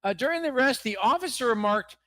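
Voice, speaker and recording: Man, high pitch, bright tone, dry close sound, comedic talk show co-host, crude banter. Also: lively intonation, fast, no room sound. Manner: crude joking, mock interviewer.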